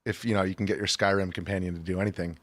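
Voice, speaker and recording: Deep, quick-talking wry male panelist. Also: fairly even intonation, fairly bright tone, no room sound. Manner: wry, joking interjections. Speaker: talk-show panelist. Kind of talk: casual talk-show banter. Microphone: studio microphone.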